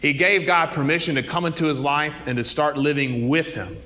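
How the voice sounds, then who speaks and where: A man's voice: a little high, fairly even intonation, fairly quick, pushed and bright, big-room sound. A man preaching a sermon, telling stories in an earnest manner. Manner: storytelling, earnest.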